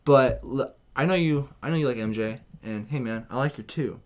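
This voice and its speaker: A man's voice: mid-range voice, normal speed, a little mellow, close to an everyday voice. A swaggering teenage bully, as a man puts him on, smug and drawling, with casual swearing.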